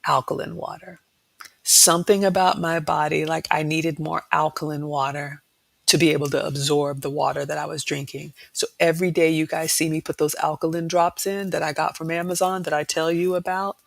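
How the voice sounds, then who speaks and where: A woman's voice: sits low, fairly even intonation, brisk, vocal fry, dry recording. A middle-aged woman hosting a cooking channel livestream, chatting casually and repeating words for emphasis.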